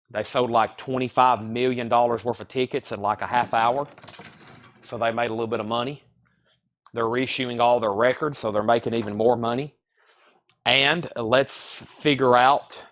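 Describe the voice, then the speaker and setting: A man hosts a live vinyl sale from inside a record store. He talks at an ordinary mid pitch in easygoing sales patter, rattling off album titles and prices as he walks the shop floor.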